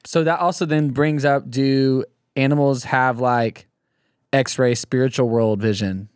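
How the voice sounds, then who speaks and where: A man chats casually on a faith podcast, quick to joke and imitate characters. His voice sits mid-range and the sound is close and dry. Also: mid-range voice, fairly even intonation, a little mellow, clear, resonant tone, dry recording. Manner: joking, playful, mimics characters. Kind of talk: casual chat.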